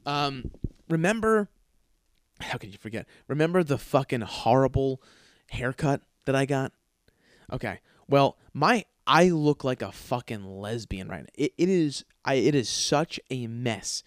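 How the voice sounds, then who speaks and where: A man's voice: medium pitch, animated, unhurried, no room sound, studio quality. A man hosting a comedy podcast, ranting in an exasperated, profane, rambling way. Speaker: podcast host. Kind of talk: comedic rant.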